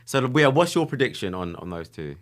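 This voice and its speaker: A man's voice: lowish voice, sing-song, a little fast. A young man hosting a casual interview, asking probing questions with teasing humour. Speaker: podcast host.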